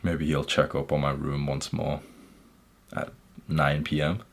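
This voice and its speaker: A man from England, hosting a podcast, candidly recounting his childhood in an intense, halting way. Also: rumbling low, flat delivery, gravelly. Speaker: podcast host. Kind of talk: personal storytelling monologue.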